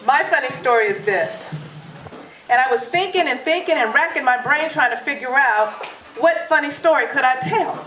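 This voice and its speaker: High-voiced woman telling a story in an echoey hall. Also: normal speed. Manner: animated storyteller acting out quoted voices, laughing often. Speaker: daughter giving a birthday speech. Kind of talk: storytelling toast at a family party. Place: party hall.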